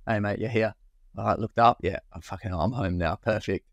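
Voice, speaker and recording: A man's voice: on the low side, moderate pace, dry recording. A young man co-hosting a podcast, telling a rowdy night-out story with swearing and acted-out dialogue. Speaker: podcast co-host. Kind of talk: casual storytelling chat.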